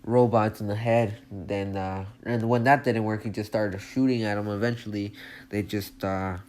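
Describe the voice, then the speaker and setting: Young man, storyteller, casual fan story, rambling, hesitant, low voice. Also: fairly even intonation, moderate pace, darkish tone, slight background noise. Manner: rambling, hesitant, many restarts.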